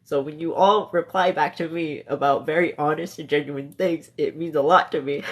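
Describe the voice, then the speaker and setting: A man's voice: on the high side, steady tone, normal speed. A young man streaming live, emotional and close to tears, talking to his chat with laughs and restarts. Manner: emotional, tearful, laughing between words; reads chat comments aloud softly.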